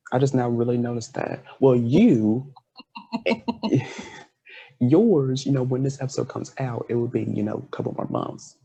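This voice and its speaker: A man's voice: medium pitch, animated, a little slow, creaky, mellow, muffled recording. A man hosting a podcast, chatting with a guest in an earnest, heartfelt way. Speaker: podcast host. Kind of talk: casual interview chat.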